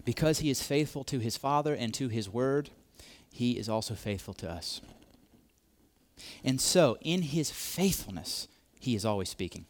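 A man's voice: medium pitch, lively intonation, moderate pace. A man preaching a sermon, repeating key phrases, swelling to emphatic peaks and dropping to near whispers. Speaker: pastor.

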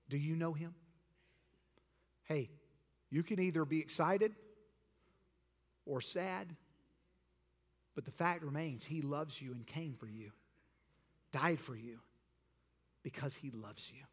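A pastor preaching a sermon with an altar call, rising to emphatic peaks and then dropping soft and intimate. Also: male voice, a little high. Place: church sanctuary. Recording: long hall reverb.

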